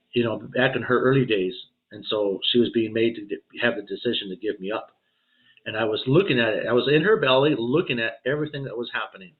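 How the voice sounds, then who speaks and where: A man in his fifties, a spiritual healer and podcast guest, telling his life story casually in a rambling way, with lots of "you know" and restarts. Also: lowish voice. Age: 50s. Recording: tinny phone-like line.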